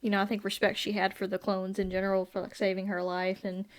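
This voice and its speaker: A woman's voice: medium pitch, level tone, quick pace. A woman co-hosting a fan podcast in casual chat, rambling and often hedging about what she is unsure of. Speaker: podcast co-host.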